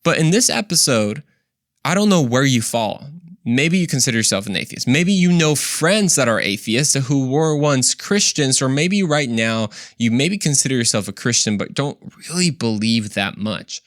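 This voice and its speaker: Man, talk show host, Christian monologue, lively pitch swings, conversational, dry close recording. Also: normal speed, no echo. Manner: animated and conversational, with exclamations.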